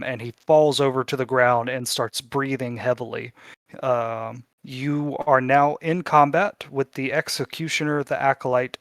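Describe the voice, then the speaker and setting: A man's voice: mid-range voice, no room sound. Casual male game master, swears often, dry close sound. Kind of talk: narrating a tabletop game.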